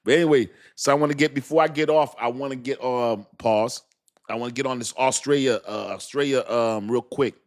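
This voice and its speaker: A man of ordinary pitch hosting a casual crypto livestream and talking straight to his viewers. He rambles in loose slang and laughs often. He pokes fun at himself as he goes. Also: steady tone, fairly quick. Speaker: crypto channel host.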